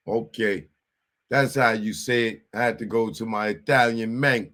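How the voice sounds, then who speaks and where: A man's voice: fairly low pitch, normal speed, fairly bright tone. A man giving casual comedic commentary, muttering to himself while he looks something up.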